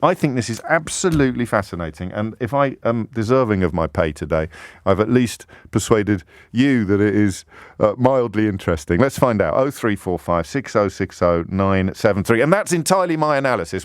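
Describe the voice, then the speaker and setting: A radio phone-in host with a fairly low, lively voice speaks a little fast, captured cleanly on a studio microphone with no echo. He muses aloud in a talk-radio monologue, conversational and self-deprecating, stammering and restarting often.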